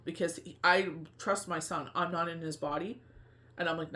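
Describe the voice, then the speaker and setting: Man, fairly high voice, tarot reader, casual monologue, rambling, lots of fillers, earnest. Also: fairly even intonation, normal speed, pushed and bright. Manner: rambling, heavy with fillers and restarts; earnest and confiding.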